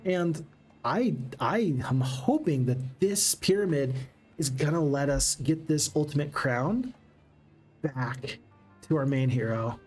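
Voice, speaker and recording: A man streaming a strategy game, chatting excitedly to his viewers. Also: on the high side, slow pace, faint music behind. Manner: excitable, chatty, talks to chat. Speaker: gaming streamer. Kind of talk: live game commentary.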